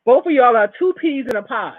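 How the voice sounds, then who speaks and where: A man in his thirties delivers a loose, swearing monologue, repeating his points for emphasis. His voice sits high for a man and swings widely in pitch. The sound is thin and tinny, as if heard over a phone. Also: fairly quick. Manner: animated, repetitive, profane storytelling. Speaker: podcast host. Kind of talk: casual monologue.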